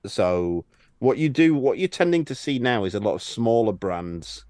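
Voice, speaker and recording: A man's voice: mid-range voice, animated, moderate pace, darkish tone, no echo, studio quality. A man who coaches tennis, explaining things on a podcast with anecdotes and restarts. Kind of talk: casual podcast chat.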